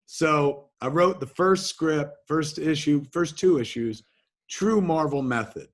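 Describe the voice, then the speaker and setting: A man from New Jersey, a guest in an interview, telling animated anecdotes in casual talk and swearing freely. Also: on the high side, slow. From New Jersey, USA. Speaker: interview guest, filmmaker and comics writer.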